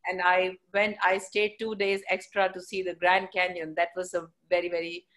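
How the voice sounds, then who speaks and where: Middle-aged fitness lady, kinda low voice, lots of uhs, thinks before she answers. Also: level tone, moderate pace, a bit bright. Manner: hesitant, thoughtful, many fillers. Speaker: fitness professional guest. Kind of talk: answering interview questions.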